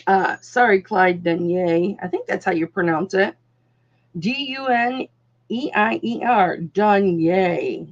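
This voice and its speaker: A woman's voice: mid-range voice, measured pace. A woman hosting a live online jewelry auction, chatting casually and calling viewers darling, honey and doll. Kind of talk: casual live-stream selling chat. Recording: dull lo-fi sound.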